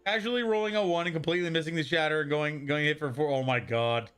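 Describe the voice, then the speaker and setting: A man's voice: a little high, fast, a bit bright, smooth, faint music behind. A young man chatting casually on a live stream, rambling and answering viewers from chat as he goes.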